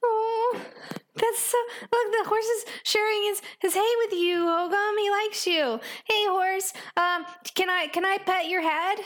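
Super high-pitched lady gushing over the game, all excited. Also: unhurried. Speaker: player. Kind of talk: playing a tabletop game.

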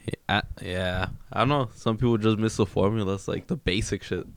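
A man's voice: fairly low pitch, fairly quick, dry recording. A man, giving short, laid-back reactions in casual chat.

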